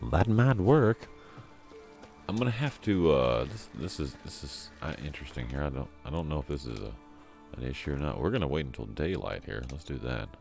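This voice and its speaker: A man chatting casually on a live game stream, rambling and halting as he thanks his viewers. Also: a bass voice, very animated, gravelly, darkish tone, faint music behind.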